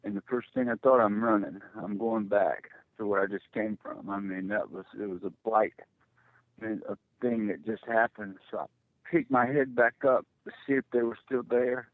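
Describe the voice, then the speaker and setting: A middle-aged man telling a personal story as a radio guest, halting and repeating words when it gets tense. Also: on the low side, steady tone, no room sound. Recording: tinny phone line, dry.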